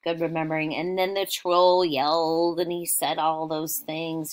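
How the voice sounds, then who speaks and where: A woman teacher leads young children through retelling a familiar story. She speaks slowly and warmly, prompting them with questions and praising their answers. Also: sits low, little pitch movement, clean tone. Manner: slow, encouraging questions.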